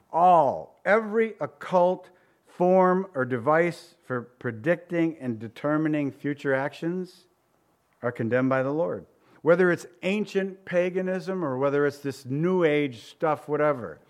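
A middle-aged man delivers a sermon like he's chatting with friends, telling funny stories that turn into lessons. His voice sits a little higher than most men's, and his delivery stays loose and conversational. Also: moderate pace. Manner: conversational preaching with humorous anecdotes. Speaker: pastor.

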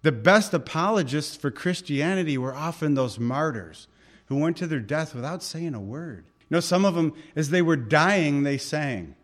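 Animated male preacher, conversational sermon. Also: medium pitch. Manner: animated, swings between loud reading and soft asides.

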